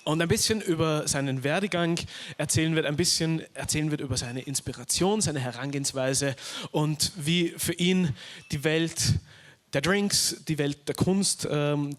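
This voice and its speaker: A man's voice: on the high side, normal speed. A man introducing a speaker on a conference stage, formal but hesitant with fillers. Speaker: event host.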